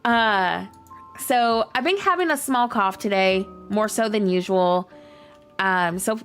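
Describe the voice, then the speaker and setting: A woman game streamer with a scratchy, hoarse voice, chatting casually and rambling with lots of "like" while she plays. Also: medium pitch, slow pace, fairly bright tone, faint music behind. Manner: chatty, rambling, heavy use of "like". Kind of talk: casual livestream chat while playing.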